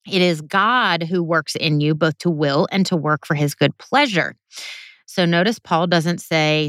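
A woman giving an earnest, emphatic sermon, reading scripture verses and explaining them, slowing down and speeding up to stress her points. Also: lowish voice, fairly bright tone, no echo, studio quality. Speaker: Bible teacher.

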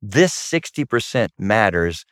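A man's voice: fairly low pitch, sing-song, a little slow, a bit bright, no room sound, clean studio sound. A middle-aged man, a marriage counselor co-hosting a talk about marriage, who speaks emphatically and keeps stressing points with "guess what". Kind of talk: conversational teaching on marriage.

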